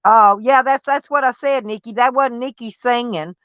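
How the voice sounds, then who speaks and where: A woman's voice: on the high side, normal speed, a bit bright, clear, resonant tone, no echo. A woman with a Southern American accent chatting casually on a livestream, rambling and answering viewers by name. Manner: rambling, talks back to chat by name. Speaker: vlogger reading live chat. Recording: dull lo-fi dry sound.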